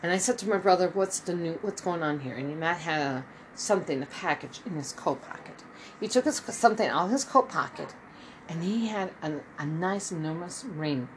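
A woman's voice: animated, normal speed, slight background noise, poor audio. A woman in her fifties telling a rambling personal story, acting out the people she quotes. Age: 50s. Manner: rambling, acts out quoted dialogue with shifting pitch. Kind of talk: casual spoken storytelling.

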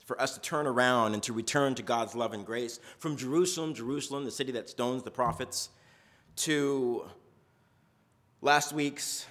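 A man's voice: medium pitch, fairly bright tone. A male preacher giving a sermon in a conversational, storytelling way with frequent asides.

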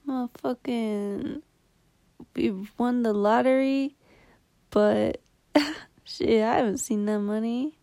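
A young woman rambling in a low-key, confessional vlog, swearing bluntly and often dropping to a whisper. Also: takes it slowly, pauses often, mellow, no echo.

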